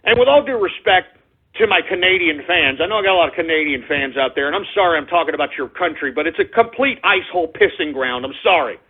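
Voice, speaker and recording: A man with a high, husky voice rants on talk radio, crude and mocking, swinging from low grumbles up to shouting. The sound is thin and phone-like, as if it is coming down a narrow line. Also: lively intonation, quick pace. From United States. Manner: loud, crude, mocking rant with sudden shouting swells. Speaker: radio show host. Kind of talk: ranting talk radio monologue. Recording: phone-like narrow-band audio.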